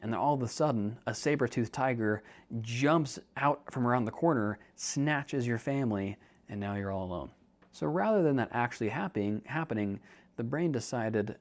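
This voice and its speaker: With a mid-range voice, lively intonation, and a moderate pace, this young man hosts a podcast and also works as a counselor. He's chatty and jokey, explaining ideas to his listeners and addressing them as dude.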